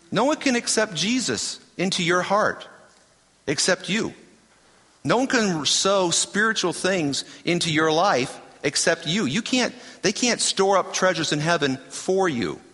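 A man's voice: fairly high pitch, bright, forceful tone. A man preaching a sermon as pastor, emphatic and conversational, with self-deprecating asides. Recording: hall reverb.

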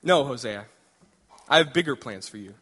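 A man preaching and voicing God as a calm, loving figure who speaks low and slowly in an echoing hall. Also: breathy edge. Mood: gentle. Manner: slow, low, gentle and measured.

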